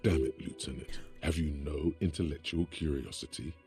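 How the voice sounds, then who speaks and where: A man's voice: extremely low pitch, normal speed, vocal fry, darkish tone, husky, soft background music, full character voice. An actor playing a grave male inner voice narrating a detective's mind in a game, with dry, probing remarks. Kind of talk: game voice acting.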